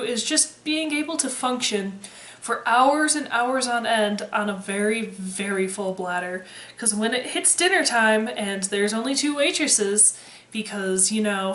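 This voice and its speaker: Young woman vlogger, bit high-voiced, sardonic and profane; recorded in an echoey room. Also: fairly bright tone. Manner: sarcastic, swears freely, dry humor. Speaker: vlogger, former waitress. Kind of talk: casual chat to camera. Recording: roomy echo.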